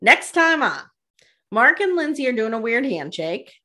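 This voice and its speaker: A woman's voice: a little high, a little slow. Gossipy woman recapping a reality show. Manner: gossipy, animated retelling with quoted asides and laughs. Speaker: podcast co-host. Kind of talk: casual recap chat.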